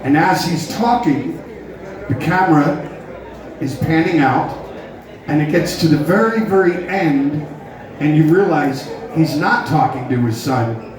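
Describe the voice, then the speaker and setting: A man's voice: on the high side, animated, unhurried, pauses often. A middle-aged man, a rock singer, telling a story between songs at a live show in a joking, laid-back way, recorded from a distance in a large hall. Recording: echoey hall, distant, with crowd noise.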